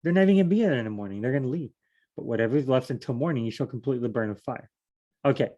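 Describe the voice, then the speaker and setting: A man's voice: mid-range voice, expressive, mellow, lo-fi sound. A man studying scripture aloud on his own, talking casually, musing and briefly acting out scenes as he reads. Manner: informal, muses aloud, acts out scenes in quick voices. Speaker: solo Bible study host.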